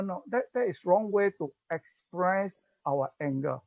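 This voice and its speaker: A speaker with a Singaporean English accent giving a parenting talk, explaining slowly, chuckling and acting out parent-child dialogue. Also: medium pitch, animated, gravelly, no echo. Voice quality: slow explaining, mixes in Chinese phrases. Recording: dull, muffled recording.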